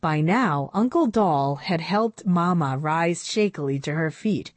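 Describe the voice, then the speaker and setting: A woman reads a children's storybook aloud at an unhurried pace. Her pitch moves expressively through each line. The recording is dry and close. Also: expressive, dry recording.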